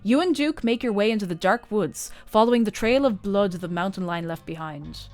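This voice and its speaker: A young woman streaming from home, reading a story game's narration into a desk mic with expressive, animated delivery. Her voice sits in a middle range, with faint music playing under it. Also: mid-range voice, normal speed. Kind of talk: reading game narration aloud.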